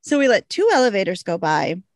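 A woman's voice: mid-range voice, very animated, brisk, no echo, studio quality. A young woman co-hosting a podcast, telling a funny story in casual chat with lots of fillers and laughter. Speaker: podcast co-host.

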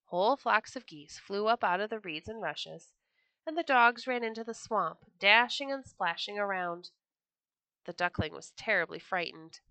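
A woman reading a children's story aloud with an expressive, gentle storytelling manner. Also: medium pitch, moderate pace, no room sound.

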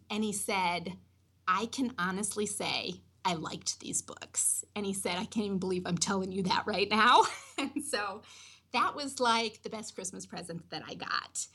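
Bright, husky-voiced woman teacher. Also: mid-range voice. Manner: emotional, animated storytelling. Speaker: high school teacher. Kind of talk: personal storytelling.

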